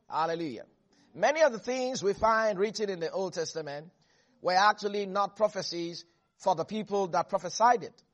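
A man preaching a sermon, emphatic, reading scripture and calling on the congregation to repeat phrases after him. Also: high voice.

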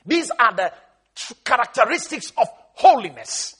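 A male preacher with a strikingly high, bright, husky voice. He preaches emphatically, with lively swings in pitch and loudness, and he calls for responses from the congregation. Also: normal speed. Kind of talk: sermon.

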